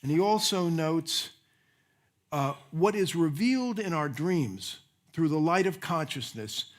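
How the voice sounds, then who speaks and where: An older man preaches in a relaxed, anecdotal way, pausing to chuckle and restart his sentences. His voice sits slightly higher than most men's. It sounds like a sermon delivered in a church. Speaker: minister. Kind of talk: sermon with personal storytelling. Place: church sanctuary.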